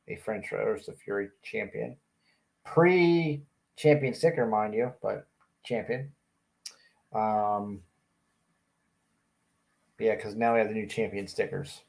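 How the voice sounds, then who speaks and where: Gravelly joking streamer guy. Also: lowish voice, warm tone. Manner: joking, chatty, often laughing. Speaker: livestream host. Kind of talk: casual chat reading viewer comments. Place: small hot room indoors.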